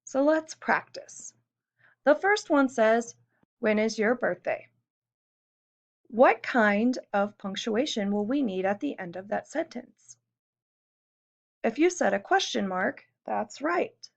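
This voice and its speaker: A woman's voice: a little high, animated, slow, creaky. A woman teacher giving a recorded classroom lesson, explaining patiently step by step and posing questions to her students. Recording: dull lo-fi recording.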